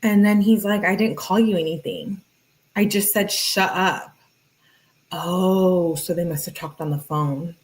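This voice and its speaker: A woman reading text messages aloud, alternating between the two people in the chat and breaking off with casual asides and quick reactions. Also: fairly low pitch, steady tone, a little mellow, low-quality recording. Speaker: true crime commentator.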